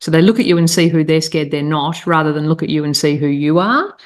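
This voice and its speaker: A woman's voice: low voice, quick pace. A woman hosting a conversational podcast interview, asking questions in an encouraging way. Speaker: podcast host.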